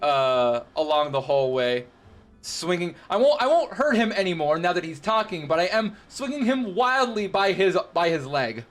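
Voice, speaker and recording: A man at a tabletop game, describing moves with stammering restarts. His voice sits high for a man, and faint music plays behind. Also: lively intonation, normal speed. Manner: hesitant, stammering descriptions of actions. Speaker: player. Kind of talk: casual play at a tabletop game.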